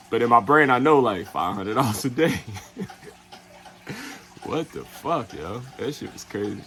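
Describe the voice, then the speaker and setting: A man's voice: on the low side, a bit bright, slight background noise. A man telling a travel story in a loose, profane way, full of fillers and acted-out quotes. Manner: loose and profane, heavy fillers like "you know what I'm saying"; acts out other people's lines in quick put-on voices. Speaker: travel vlogger. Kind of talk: casual storytelling.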